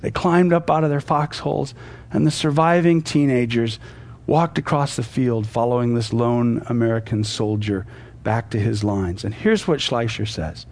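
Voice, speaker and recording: A man preaching a sermon, telling a story and swinging between forceful peaks and hushed, quiet passages. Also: medium pitch, normal speed.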